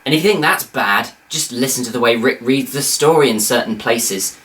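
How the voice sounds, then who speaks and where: Low-voiced woman, sarcastic reviewer. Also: normal speed, loud music behind the voice. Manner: sarcastic, incredulous asides. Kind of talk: comedic commentary.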